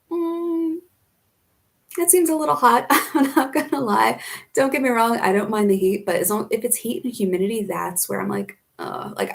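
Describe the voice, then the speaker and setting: American gal doing a live q&a, casual and rambly, bit of fry in her voice. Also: mid-range voice. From United States, Philadelphia area. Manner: chatty, reads out viewer comments and answers them. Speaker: YouTuber living in Australia.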